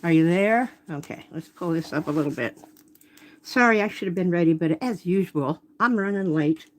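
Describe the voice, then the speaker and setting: A woman's voice: on the low side, expressive, moderate pace. Chatty woman painting live on stream. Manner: chatty, self-interrupting, apologetic. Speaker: watercolor artist hosting a live stream. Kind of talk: casual live demonstration chat. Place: home art workspace. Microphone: phone camera.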